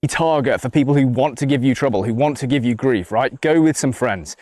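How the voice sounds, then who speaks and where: A man's voice: mid-range voice, fairly quick, darkish tone, dry recording. A man delivering blunt, combative video commentary.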